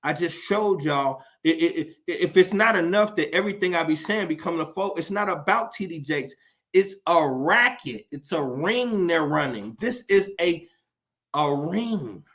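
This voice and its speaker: A man's voice: a little high, animated, moderate pace, fairly bright tone. A man delivering a fiery, profane monologue, full of rhetorical questions and preachy emphasis. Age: adult. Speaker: commentator. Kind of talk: impassioned monologue.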